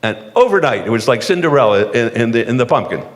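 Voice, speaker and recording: Older man, from the eastern US, humorous panel storyteller, stop-start delivery, average pitch, reverberant event hall. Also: big pitch swings, fast talker. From eastern United States. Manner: self-deprecating and jokey, with frequent restarts and chuckles. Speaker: former mayor, panel speaker.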